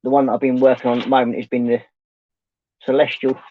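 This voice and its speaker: A man's voice: medium pitch, level tone, fast talker. Laid-back British man on a dull line. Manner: laid-back, brief replies. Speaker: co-host, guest streamer. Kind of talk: casual live-stream chat. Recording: dull lo-fi dry sound.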